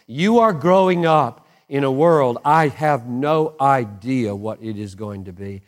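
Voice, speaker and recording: Impassioned preacher, slow and soaring. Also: male voice, mid-range voice, lively intonation. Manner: impassioned, swings from hushed to soaring emphatic peaks. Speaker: pastor. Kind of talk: sermon.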